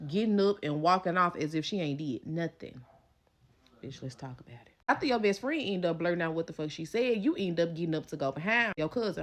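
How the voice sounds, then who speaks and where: Woman, mid-pitched, telling a blunt, profane story. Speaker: storytime vlogger. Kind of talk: casual storytelling, second person.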